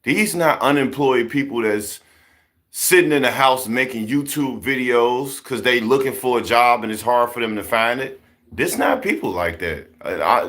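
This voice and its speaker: A man, giving casual, preachy commentary, repeating himself and firing rhetorical questions. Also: medium pitch. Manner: animated, repetitive, rhetorical questions. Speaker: commentary vlogger.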